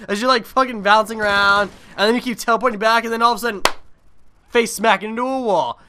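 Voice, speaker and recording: Young guy talking over his game clips, high bright voice, rambles and swears a lot. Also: steady tone, fast, clear, resonant tone. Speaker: gaming video creator. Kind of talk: casual gameplay commentary.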